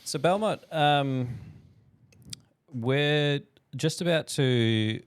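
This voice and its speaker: A man's voice: fairly high pitch, very slow, clear, resonant tone, no room sound. A man, the podcast guest, talking about his drinks brand in a laid-back, agreeable casual chat. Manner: laid-back, agreeable, lots of short "yeah"s.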